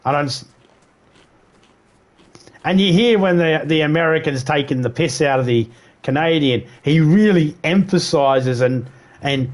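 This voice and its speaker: Australian male streamer, slightly high voice, rambling and profane, casual chat with viewers. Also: a little slow, pauses often. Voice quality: swears freely, rambling, mimics accents. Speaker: livestreamer chatting with viewers.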